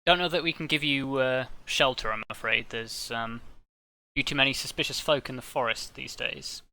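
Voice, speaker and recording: A man's voice: mid-range voice, moderate pace, sharp tone. A man doing a grumpy old villager. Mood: wary. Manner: gruff, suspicious.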